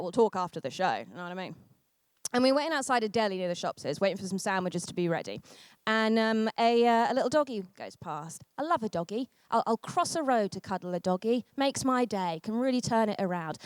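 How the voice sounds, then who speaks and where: A young woman doing a stand-up comedy set, sardonic and self-deprecating, with quick asides to the audience. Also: medium pitch, no echo.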